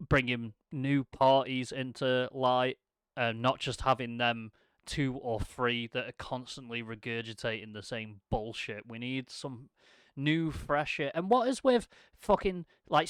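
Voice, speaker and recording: A man's voice: medium pitch, a bit bright, smooth, no echo, clean studio sound. A man co-hosting a casual podcast chat over whiskey, sweary and joking as he rambles off the cuff. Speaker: podcast co-host. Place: home studio streaming live.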